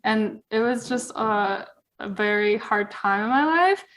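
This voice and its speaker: A woman's voice: mid-range voice, animated, measured pace, a bit bright. A woman chatting casually as a podcast guest, earnest and rambling, with lots of fillers. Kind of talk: casual chat.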